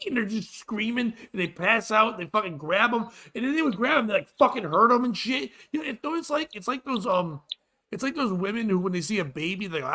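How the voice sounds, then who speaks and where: Man, forties, high-pitched, podcast host, crude animated rant. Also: fairly quick, husky. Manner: profane, loud, animated ranting.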